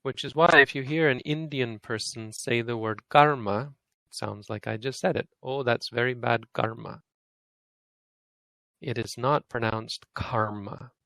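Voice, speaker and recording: A man's voice: mid-range voice, normal speed, bright, forceful tone, no echo. A man teaching a language lesson, patiently explaining and demonstrating sounds over and over.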